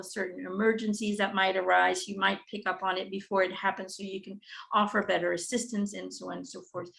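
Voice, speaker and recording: A woman's voice: mid-range voice, vocal fry, low-quality recording. A woman giving a channeled spiritual reading, relaying a guide's messages with frequent "he says" and ums. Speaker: spiritual reader.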